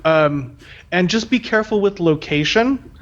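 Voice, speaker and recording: A man's voice: sits high, lively intonation, a little slow, dull audio. A man co-hosting a podcast, speaking casually and hesitantly with lots of ums. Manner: hesitant, many ums and repeated words. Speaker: podcast co-host.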